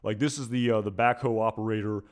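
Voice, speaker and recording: A man with a somewhat low voice talks through episode commentary in a relaxed, meandering way. He hesitates often and fills pauses with lots of "uh"s. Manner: rambling, hesitant, full of fillers. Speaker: video commentator.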